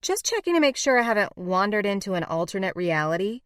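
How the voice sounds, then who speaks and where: A woman playing a sharp-tongued, playful heroine. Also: medium pitch, big pitch swings, fast talker, clear, resonant tone, no echo, clean studio sound, close to an everyday voice. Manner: sarcastic and bubbly.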